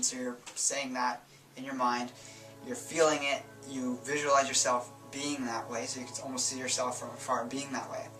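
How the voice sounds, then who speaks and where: Male self-help host, loose rambling delivery, bright tone, faint music under a roomy recording. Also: mid-range voice, far from the mic. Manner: relaxed, rambling explanations with fillers and self-corrections. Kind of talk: casual instructional talk.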